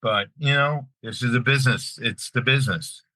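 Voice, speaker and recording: A middle-aged man from Long Island with a New York accent, an actor telling stories in a casual interview, animated and repeating his words as he acts out scenes. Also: medium pitch, normal speed, dry recording, rough recording. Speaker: actor and guest.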